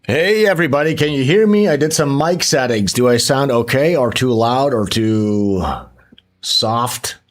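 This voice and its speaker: A man's voice: medium pitch, measured pace, faint music behind. A man hosting a livestream in casual chat, joking and teasing his guest. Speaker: streamer host.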